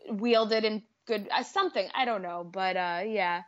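A woman's voice: mid-range voice, normal speed. Woman co-host, laid-back and agreeable, muffled lo-fi mic. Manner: relaxed, agreeable, lots of "like" fillers. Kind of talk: casual chat. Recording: dull lo-fi audio.

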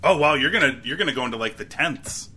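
A man with a very bright, forceful voice, chatting casually as a podcast co-host. He rambles and pokes fun at himself, often restarting sentences mid-thought. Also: medium pitch, expressive, fast talker, breathy edge. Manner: rambling, self-mocking, many restarts. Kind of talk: casual TV recap chat.

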